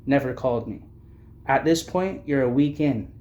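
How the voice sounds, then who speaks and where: A man's voice: medium pitch, animated, normal speed, darkish tone, reverberant, lo-fi sound. A man telling his own story of homelessness in blunt, agitated speech full of swearing. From Canada. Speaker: vlogger recounting homelessness. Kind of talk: angry personal testimony.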